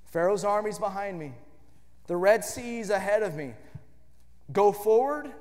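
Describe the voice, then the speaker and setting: A man with a strikingly high voice preaches a sermon and builds emphatically into shouted lines. His voice rings with the long reverb of a big church hall. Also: measured pace. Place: church sanctuary.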